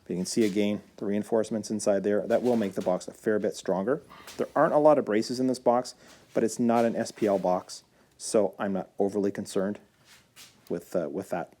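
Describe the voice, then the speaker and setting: A man casually narrating his own build video as a voice-over, explaining each step in a relaxed way, with fillers and self-corrections. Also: lowish voice, a little fast. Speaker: woodworking video maker.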